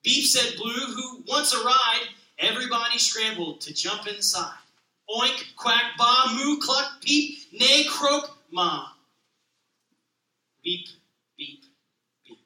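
A man, a pastor, reading a children's picture book aloud with lively expression, then talking casually to open a sermon. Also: very high voice, slow pace, long pauses, roomy sound, far from the mic, poor audio.

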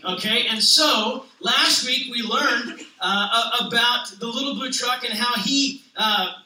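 Bright-voiced man preaching in an echoey hall. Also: very high voice, measured pace, slight background noise. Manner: animated storytelling with raised character voices. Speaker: pastor. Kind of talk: sermon with a read-aloud children's story. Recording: echoey room from far off.

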